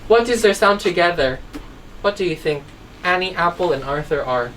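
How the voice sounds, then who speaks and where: A woman's voice: fairly low pitch, expressive, moderate pace, a bit bright. A woman teaching an online phonics lesson to children, telling a simple story and constantly asking if they follow. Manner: asks constant check questions. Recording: distant mic, faint background noise.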